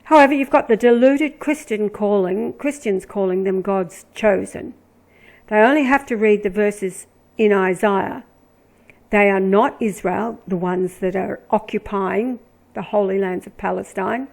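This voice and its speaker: A woman speaks in a mid-range voice, giving religious commentary as she reads verses aloud. Her pace is slow and measured. She stretches key words for emphasis. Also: mid-range voice, vocal fry, a little mellow, poor audio. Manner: deliberate, emphatic, drawing out words when reading verses. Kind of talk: scripture-reading commentary.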